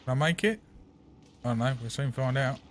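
A man commentating a video game as he plays, chatty and excitable, talking to the game as he goes. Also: mid-range voice, a little fast, slight background noise. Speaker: gaming channel host. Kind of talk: gameplay commentary.

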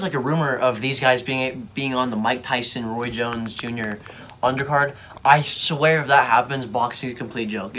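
A man's voice: medium pitch, bright, forceful tone, slight background noise. A young man giving casual reaction commentary, slangy, mocking and easily exasperated. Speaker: video reactor.

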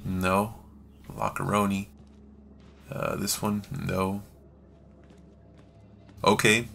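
A man doing let's play commentary on a horror game, swearing constantly in slang and yelling when he panics. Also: deep voice, little pitch movement, very slow, vocal fry, a little hiss or hum. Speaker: gamer playing a horror game.

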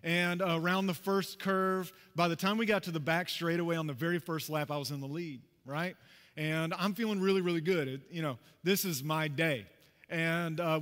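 In a large church sanctuary, a pastor with a slightly high voice preaches a sermon, telling a personal story conversationally and animatedly with asides to the congregation.

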